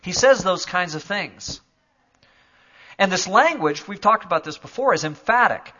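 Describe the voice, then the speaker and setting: A man preaching a sermon to a church congregation, moving from calm explanation to loud, emphatic declarations. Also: high voice, normal speed, dull audio. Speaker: pastor. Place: church sanctuary.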